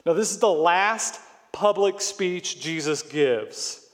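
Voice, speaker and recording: Man preaching, middle-aged, earnest and explanatory, slightly high voice, long hall reverb. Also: lively intonation, slow pace. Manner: earnest, explanatory preaching with emphatic repeated words. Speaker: pastor. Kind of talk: sermon.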